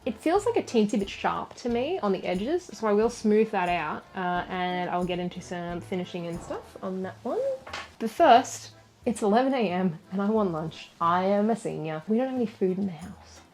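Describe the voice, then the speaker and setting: A woman's voice: mid-range voice, lively intonation, normal speed, a little mellow, faint music behind. An Australian woman chatting casually to camera in a vlog from her home jewellery studio, rambling and self-deprecating. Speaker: jewellery maker and vlogger.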